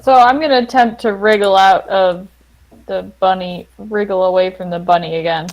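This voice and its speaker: A woman's voice: mid-range voice, steady tone, normal speed, a little mellow, dull audio. A woman playing a tabletop game, tentative and questioning. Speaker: player.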